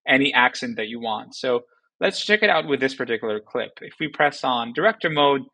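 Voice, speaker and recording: A man presenting a software tutorial in a loose, conversational way, with many fillers and tag questions. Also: mid-range voice, animated, fairly quick, gravelly, poor audio. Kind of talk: casual screen-recorded tutorial.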